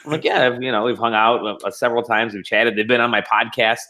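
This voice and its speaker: A man co-hosting a podcast in casual chat, relaxed, laughing often and raising his voice when he quotes people. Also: medium pitch, brisk. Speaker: podcast co-host.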